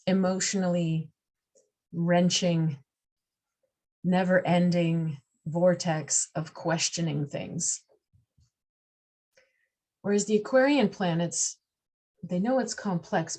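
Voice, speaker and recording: A woman's voice: fairly low pitch, a little mellow. A woman explaining astrology in a casual talk, acting out the voices of the signs and laughing at herself.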